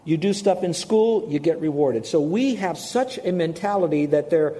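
Casual: guy preaching a sermon, chatty storyteller, kinda high but mellow voice, keeps asking the crowd stuff. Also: animated, normal speed. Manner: conversational storytelling, asks the audience questions. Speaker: pastor.

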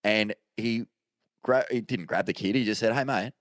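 An Australian man co-hosting a podcast in a casual, sweary storytelling manner. His voice sits fairly low and the sound is dry and close. He loops back and restarts often as he talks. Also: moderate pace, no echo. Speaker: podcast co-host. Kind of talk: casual chat.

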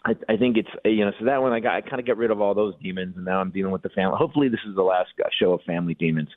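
A man's voice: fairly low pitch, rapid-fire, no echo. A man, a comedian guest calling in, telling stories in a rambling, self-interrupting way. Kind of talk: casual radio interview. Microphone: phone call. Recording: tinny phone line.

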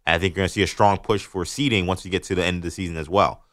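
Bright-voiced sports radio host. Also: male voice, deep voice, very fast, no echo, studio quality. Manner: animated, mocking, laughs often.

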